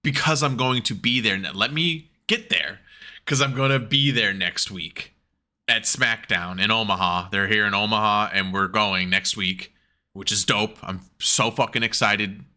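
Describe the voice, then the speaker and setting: A man co-hosting a casual wrestling podcast on a headset, swearing freely and often laughing as he acts out quotes in a higher voice. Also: unhurried, pushed and bright. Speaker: podcast co-host. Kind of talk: casual chat.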